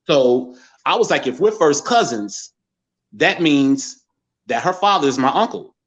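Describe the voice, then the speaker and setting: Animated man in his forties telling a story. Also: on the high side, a little slow. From Gary, Indiana, USA. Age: 40s. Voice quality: animated storyteller who acts out others' words. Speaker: guest. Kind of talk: personal storytelling.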